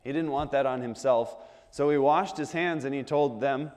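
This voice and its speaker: Preacher with long hall reverb. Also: male voice, medium pitch, moderate pace, a little mellow. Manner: conversational, asks the audience rhetorical questions, repeats words when restarting. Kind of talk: sermon.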